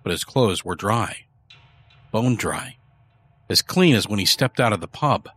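A man narrating a horror story in a measured, dark storytelling manner. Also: lowish voice, lively intonation.

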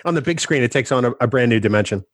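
A man co-hosts a podcast and asks a guest questions with eager, joking energy. His pitch moves a lot as he talks, and the recording is dry and close. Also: expressive, very fast, no room sound. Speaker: podcast co-host. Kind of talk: casual interview questions.

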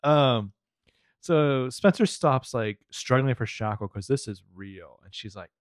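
A man's voice: mid-range voice, a little slow, no room sound, clean studio sound. A man co-hosting a podcast, recapping a TV episode in rambling casual chat. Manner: animated, rambling. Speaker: podcast co-host recapping a TV show.

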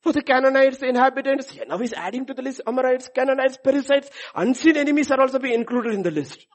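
A man preaches fast in an emphatic, repetitive manner, alternating between loud exhortation and low, intense speech.

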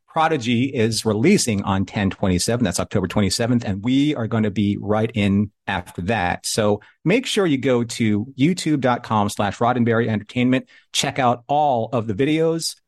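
A man's voice: mid-range voice, normal speed, hardly any pauses, no room sound. Casting: playful male podcast co-host, mid-range voice, upbeat chatty delivery. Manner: upbeat, playful, reads chat aloud. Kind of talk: live show chat.

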